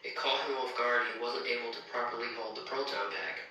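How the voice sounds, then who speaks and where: Man narrating a story, bright edgy voice, very echoey room, mic far off. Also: medium pitch, steady tone, brisk, slight background noise. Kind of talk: reading fan fiction aloud.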